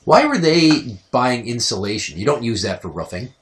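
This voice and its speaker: A man co-hosting a casual podcast chat, talking loudly by nature and ranting with lots of swearing. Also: medium pitch, sing-song, moderate pace. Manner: loud natural speaking voice; profane, ranting storyteller. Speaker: podcast co-host.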